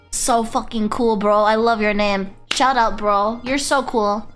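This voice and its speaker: A woman's voice: fairly high pitch, steady tone, unhurried, few pauses, a bit bright, soft background music. A woman streaming live, chatting casually with her chat in a giggly, chaotic, self-mocking way. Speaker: VTuber streamer. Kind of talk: casual livestream chat reading chat messages.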